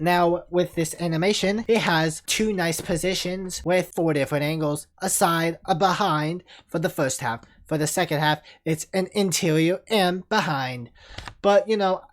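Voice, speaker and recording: A relaxed channel host talking through a ranked list in a loose, casual way. The delivery wanders and keeps returning to "you know" between points, in a medium-pitched voice. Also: moderate pace. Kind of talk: casual ranking commentary.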